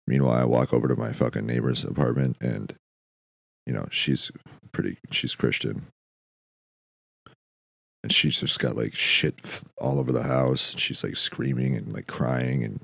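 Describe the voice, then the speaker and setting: A man hosting a podcast, delivering a dry, deadpan, profane comedic monologue. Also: rumbling low, normal speed, vocal fry, pauses often, no room sound. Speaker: podcast host.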